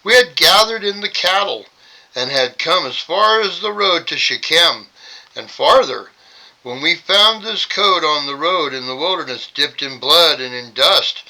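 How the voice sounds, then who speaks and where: Man reading as lying young brothers, feigned innocence, bright voice, slightly high. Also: animated, unhurried, exaggerated voice, rough recording. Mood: feigning.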